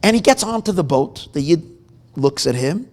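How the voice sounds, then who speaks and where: A rabbi tells a story to a gathering, his pitch sitting a little high for a man. He swings his voice up and down freely and acts out the characters' lines. A gravelly rasp runs under his words. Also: animated, normal speed, a little mellow. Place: gathering room with guitar nearby.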